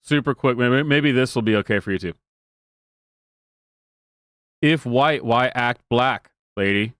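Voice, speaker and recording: A man's voice: medium pitch, a little slow, a bit bright, no echo, clean studio sound. A man hosting a stream, giving casual, joking and sarcastic reaction commentary with many restarts. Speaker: streamer host.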